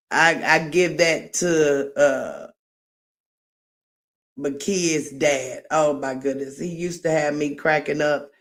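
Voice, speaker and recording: A woman talking casually on her own live stream, rambling and chatty, who laughs at her own jokes and refers to herself in the third person. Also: low-pitched.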